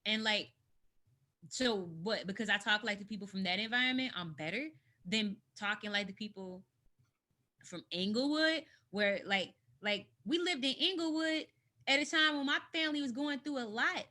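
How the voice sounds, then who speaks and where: An outspoken woman from the United States, talking frankly in an interview over a video call from home. Her voice is bright and a touch high, and she stresses her points with force. She sounds plain and direct. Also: moderate pace. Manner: emphatic, animated, speaks her mind. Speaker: interview guest. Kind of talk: candid conversational interview.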